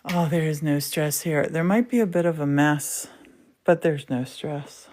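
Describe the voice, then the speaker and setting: Slow, gushing woman with a low voice. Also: fairly even intonation, darkish tone. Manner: gushing, affectionate, talks to viewers. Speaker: livestream host. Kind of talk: casual live demo chat. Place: indoor glass fusing studio.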